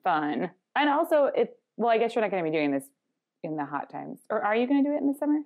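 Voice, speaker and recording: A woman's voice: medium pitch, big pitch swings, fast talker, phone-quality sound. A woman guest on a podcast, playful and giggly in casual chat.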